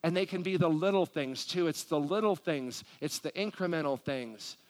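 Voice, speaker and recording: A man's voice: on the high side, normal speed. A middle-aged male pastor preaching a sermon, reading scripture aloud and then pleading with the congregation in prayer-like appeals. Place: church sanctuary.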